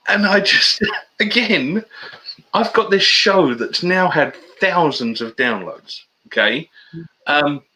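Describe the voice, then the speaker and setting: Bright-voiced chatty man. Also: a little high, low-quality recording. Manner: chatty storyteller, matey banter. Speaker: guest. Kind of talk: casual interview chat.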